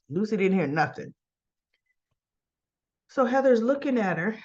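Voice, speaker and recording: A woman's voice: medium pitch, animated, normal speed, pauses often, darkish tone, lo-fi sound. A woman casually recapping a soap opera episode, acting out the characters' lines as she retells each scene.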